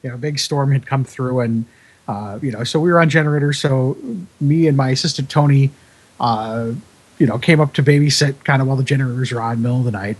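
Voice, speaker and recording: A man's voice: mid-range voice, fast, darkish tone. A man telling casual stories as a broadcast engineer guest, rambling with many fillers and restarts and laughing at his own story.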